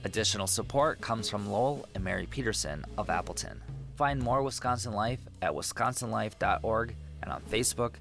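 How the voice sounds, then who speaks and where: A man reading a scripted radio segment outro with an even delivery. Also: fairly low pitch, fairly quick, gravelly. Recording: music bed underneath.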